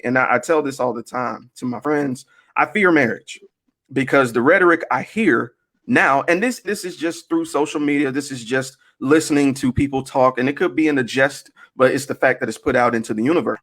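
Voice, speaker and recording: A man's voice: medium pitch, fairly bright tone. A man hosting a casual online group discussion, talking emphatically, asking rhetorical questions and swearing.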